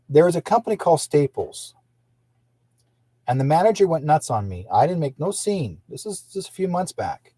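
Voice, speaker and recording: Male radio host with a husky, dry voice; casual rambling monologue. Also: a little high, big pitch swings, moderate pace, warm tone, dry recording. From British Columbia, Canada. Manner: rambling, with restarts and acted-out quotes.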